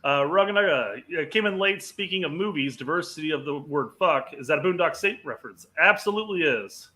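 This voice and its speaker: A man co-hosting a loose, casual soccer podcast chat. His voice sits a bit high and sounds bright and forceful. He rambles, stumbles through restarts and laughs easily. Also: animated, fairly quick. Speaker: podcast co-host.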